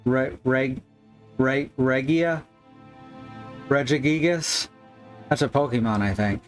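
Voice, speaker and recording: A man's voice: mid-range voice, measured pace, soft background music. A man streaming a horror game, giving casual commentary with wry, joking asides. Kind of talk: let's-play commentary.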